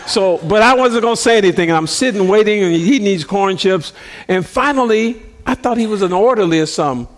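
A middle-aged man telling a story from the pulpit, bringing it to life by slipping into the voices of everyone in it. His voice sits a touch high for a man and jumps around a lot as he talks. Laughter keeps breaking into his telling. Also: expressive, fairly quick. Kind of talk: sermon storytelling.

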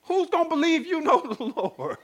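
A male preacher delivering a sermon, firing rhetorical questions at the congregation, chuckling and swinging between loud and hushed. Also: very high-pitched, big pitch swings, normal speed.

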